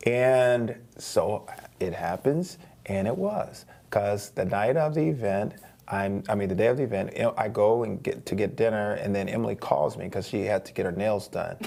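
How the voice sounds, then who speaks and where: A man's voice: fairly low pitch, expressive, moderate pace, vocal fry, dark tone. A man, a guest singer, telling a long story in a studio interview, rambling, with many restarts and repeated words. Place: streaming studio.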